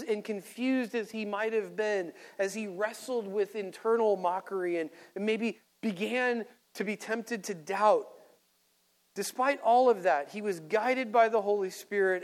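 A man preaching an expository sermon, reading scripture aloud and pausing often for emphasis, sometimes correcting himself. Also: high-pitched, a little mellow. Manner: slow, deliberate, with emphatic pauses and self-corrections.

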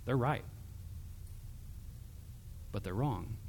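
A man preaching a sermon in an earnest, emphatic way, dropping soft and low when he quotes. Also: expressive, extremely slow, in a large hall, slight background noise.

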